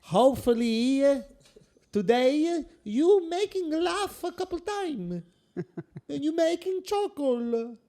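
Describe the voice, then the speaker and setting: Dude doing a weepy fake italian guy, high and loud, dragging every word. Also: big pitch swings, exaggerated voice. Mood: gushing. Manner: slow, drawn-out, emotional and high. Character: gushing, tearful Italian-styled man thanking fans.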